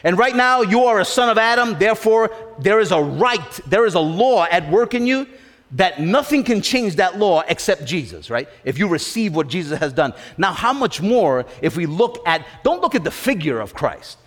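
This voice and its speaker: High, lively-voiced preacher in a reverberant hall. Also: male voice, moderate pace. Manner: emphatic, repeats phrases, asks the congregation questions. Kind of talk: sermon.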